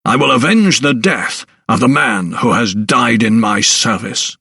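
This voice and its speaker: A sneering gentleman lawyer, put on by a male narrator, lets each scornful word drag out slowly in a middling voice. He sounds ruthless and mocking, with every word dry and close to the mic. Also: mid-range voice, gravelly, husky, no echo, distant mic, full character voice.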